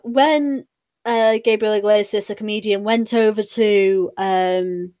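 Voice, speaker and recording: A woman's voice: medium pitch, fairly even intonation, slow, a little mellow, dry recording. A British woman streamer telling stories in casual chat, rambling with many fillers and restarts. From Britain.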